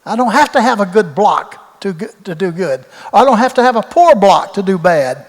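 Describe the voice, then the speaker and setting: A man's voice: high voice, expressive, normal speed. A man, a retired football coach telling rambling, folksy stories and repeating his words at a Q&A. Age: 80s. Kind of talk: storytelling in a Q&A. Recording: roomy hall reverb.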